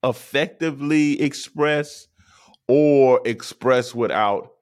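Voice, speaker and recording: A man's voice: takes it slowly, smooth. A man hosting a show, talking in a casual, preachy monologue and repeating phrases for emphasis. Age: adult. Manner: mocks others in high teasing voices. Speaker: podcast host.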